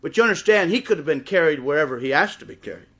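High-voiced, impassioned male preacher. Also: lively intonation, very fast, slightly rough. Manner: impassioned preaching that swells to near shouting. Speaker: pastor. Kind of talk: sermon. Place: church service before a congregation.

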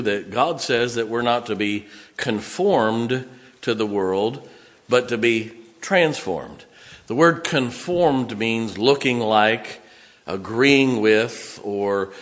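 A man's voice: on the low side, fairly bright tone, long reverb tail. A male pastor preaching a sermon, reading scripture aloud and adding emphatic asides to his congregation.

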